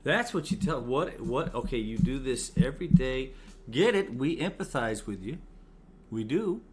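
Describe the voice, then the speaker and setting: A man's voice: mid-range voice, expressive, moderate pace, darkish tone, a little hiss or hum. Blunt, argumentative man in casual chat. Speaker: co-host, bereaved father.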